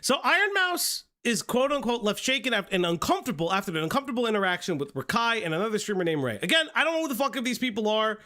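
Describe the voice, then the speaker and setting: High, lively man with a tiring voice. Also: fast, hardly any pauses. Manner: casual, profane, restarts often. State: voice going hoarse. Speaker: streamer host. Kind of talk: live-stream drama commentary.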